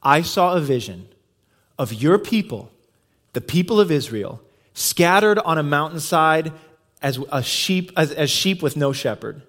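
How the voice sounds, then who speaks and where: A man voicing a solemn, truthful prophet in a sermon retelling, speaking gravely and in a measured way. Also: fairly high pitch, expressive, fairly bright tone.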